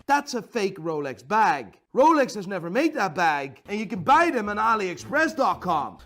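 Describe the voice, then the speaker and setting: A man's voice: high-pitched, very animated, normal speed, few pauses, music in the background. A watch reviewer in an angry rant, swearing constantly as he calls out fake watches. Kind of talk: profane rant.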